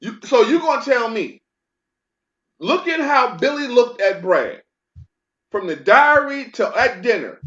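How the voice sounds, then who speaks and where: A man's voice: very high-pitched, very animated, measured pace, long pauses, fairly bright tone. A man co-hosting a casual chat about a TV show, talking in an incredulous, emphatic way. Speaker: podcast co-host. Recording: dull lo-fi recording.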